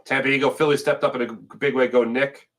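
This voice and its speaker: A man's voice: medium pitch, fairly even intonation, fast. A man hosting a sports talk stream, chatting casually as he reads out viewer comments and sponsor spots. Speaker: sports show host. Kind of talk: casual live-stream chat reading comments.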